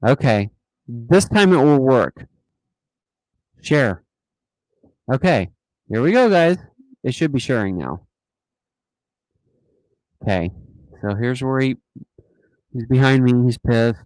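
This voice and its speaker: A man hosting a casual live stream, talking in an animated, mocking way and often repeating himself. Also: mid-range voice, takes it slowly, pauses often, no echo, poor audio. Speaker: host of a dashcam channel live stream.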